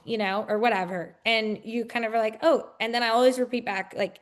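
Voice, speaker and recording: Talking a little fast with few pauses and a steady tone, a female real estate agent gives a casual interview full of fillers. At times she mimics bubbly greetings in a high pitch.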